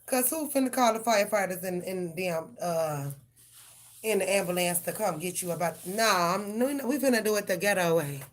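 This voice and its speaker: A woman's voice: mid-range voice, moderate pace. Chatty, slangy woman live-streaming. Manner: loose, profane, chatty storytelling with slang; addresses viewers directly. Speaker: tarot reader hosting a live stream. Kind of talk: casual live-stream chat.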